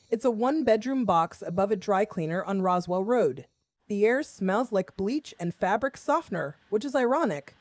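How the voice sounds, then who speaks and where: A woman in her forties from the Southern US, a school principal telling her own story in measured, wry, confessional first-person narration. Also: medium pitch, dry recording.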